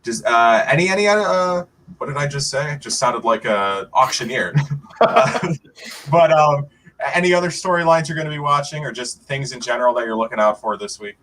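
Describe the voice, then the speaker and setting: Brief: male co-host, mid-pitched, bright voice, relaxed chatty sports talk. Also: fast talker. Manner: relaxed, chatty, often says "like". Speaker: podcast co-host. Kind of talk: casual sports podcast discussion.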